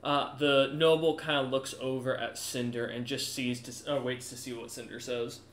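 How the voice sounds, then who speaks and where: Rambling game master in an echoey room. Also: male voice, medium pitch, level tone, moderate pace, a bit bright, a little hiss or hum. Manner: rambling, full of fillers and restarts. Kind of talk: narrating a tabletop game.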